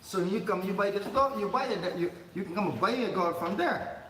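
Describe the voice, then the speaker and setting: A religious teacher with a high-sitting, slightly bright voice speaks fairly quickly while leading an informal Quran commentary class in a mosque hall. He's chatty, laughs often, and repeats his words, recorded from a far mic in a noisy, echoey hall.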